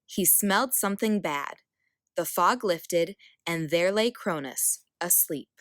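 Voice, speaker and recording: A woman reading a children's picture book aloud as a storyteller, expressive and unhurried. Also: lowish voice, no room sound, clean studio sound.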